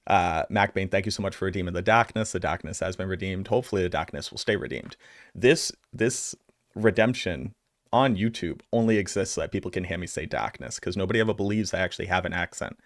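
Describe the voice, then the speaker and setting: A young adult male streamer from Massachusetts rambles through casual reaction commentary in a Boston accent, packing his storytelling with filler words. His voice sits low and moves fast, captured in studio quality with no echo.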